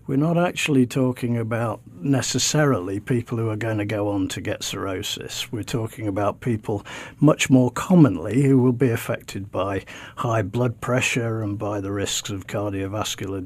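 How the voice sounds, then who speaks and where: Brit health guy on a radio panel, kinda low voice, slow and careful. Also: a little mellow. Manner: measured, hesitant with fillers. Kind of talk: radio debate.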